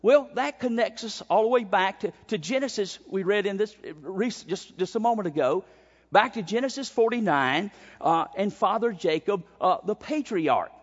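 A male pastor preaching a sermon, emphatic, with sudden swings in pitch and pace. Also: lively intonation, normal speed, slightly rough. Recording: dull sound with long hall reverb.

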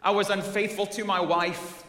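A man's voice: sits high, level tone, normal speed, pushed and bright, recorded from a distance, voice pushed up. A man preacher voicing a distraught, guilty man confessing in a pleading, urgent voice. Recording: echoey hall.

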